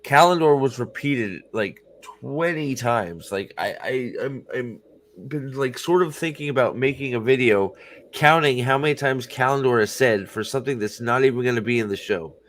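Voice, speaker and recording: A man hosting a casual podcast chat, animated and swearing, mocking characters in jeering voices as he quotes them. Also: mid-range voice, normal speed. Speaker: show host.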